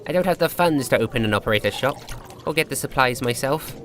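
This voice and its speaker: A man's voice: mid-range voice, expressive, quick pace, a bit bright, a little hiss or hum, close to an everyday voice. A man voicing a bitter, down-on-his-luck drunk tailor who mumbles and slurs his pleas in a storybook reading. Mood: dismissive. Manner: slurred, mumbling, pleading.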